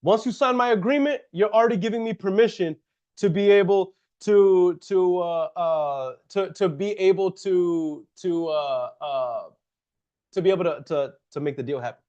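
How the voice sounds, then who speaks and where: A real estate investor and coach talks casually on a livestream, answering chat comments directly while often restarting and repeating himself. His voice sits high with a darkish tone at a moderate pace, and the recording is muffled.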